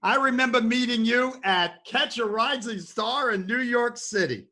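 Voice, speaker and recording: A man with a high, bright voice hosts a friendly chat, agreeing along and swapping stories. He speaks over a video call. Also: unhurried. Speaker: host.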